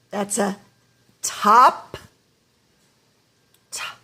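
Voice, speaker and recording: A woman teaching a phonics lesson to young children, slowly sounding out each word letter by letter. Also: medium pitch, fairly bright tone. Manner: slow, deliberate, sounding out letters one by one.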